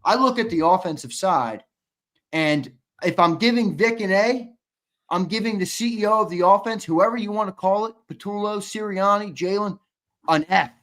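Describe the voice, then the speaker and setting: A man's voice: high-pitched, moderate pace, fairly bright tone. A young man co-hosting a sports talk show, arguing his points with restarts and emphatic punchlines. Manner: argumentative, restarts often, builds to emphatic punchlines. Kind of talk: casual sports debate.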